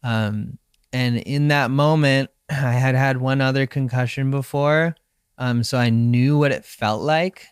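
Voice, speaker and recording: A young professional surfer from Hawaii, appearing as an interview guest, tells a personal story in a relaxed, reflective way, slipping into his own inner voice along the way. His mid-range voice is smooth, resonant, and unhurried. The recording is dry and close-miked.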